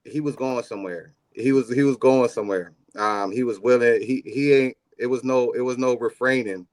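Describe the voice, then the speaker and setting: A man co-hosting a podcast in casual chat, earnest and halting, with many pauses and fillers. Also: medium pitch, no room sound. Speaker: podcast co-host.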